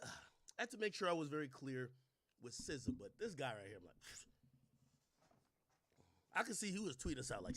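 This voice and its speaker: A young man ranting in casual commentary, mocking and swearing, swinging from low mutters to loud outbursts. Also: big pitch swings, fairly quick, long pauses. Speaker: commentary streamer.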